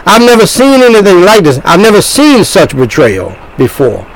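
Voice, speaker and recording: High-voiced, animated man preaching. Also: normal speed, low-quality recording. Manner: emphatic, animated, repeats himself. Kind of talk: sermon.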